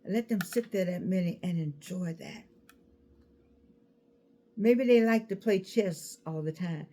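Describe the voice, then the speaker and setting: A woman in her sixties giving a casual motivational talk. She is animated, repeats her words and bursts into laughter, and she mentions a toothache. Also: fairly low pitch, measured pace. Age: 60s. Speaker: speaker addressing an audience.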